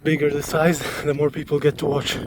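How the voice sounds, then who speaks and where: A man's voice: on the high side, completely flat delivery, brisk, background noise. A man vlogging as he walks outdoors at ancient ruins, thinking aloud with a joking, self-mocking manner. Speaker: travel vlogger. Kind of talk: casual walk-and-talk narration.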